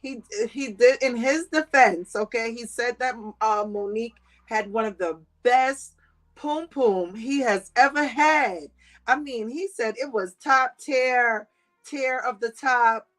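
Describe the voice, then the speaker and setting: A woman's voice: fairly high pitch, slow pace, fairly bright tone. Sassy laughing woman gossiping. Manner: sassy, laughs often, slangy. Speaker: livestream host reading chat. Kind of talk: casual gossip chat.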